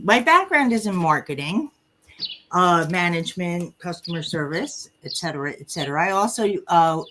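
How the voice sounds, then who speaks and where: A woman's voice: on the low side, a little hiss or hum. A woman, a guest speaking bluntly and candidly in a casual podcast conversation. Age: 60s. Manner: blunt, candid, lively storyteller.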